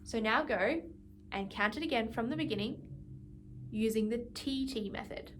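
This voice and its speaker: A woman's voice: a little high, moderate pace, fairly bright tone. A woman music teacher giving an instrumental lesson, patiently explaining and counting beats aloud.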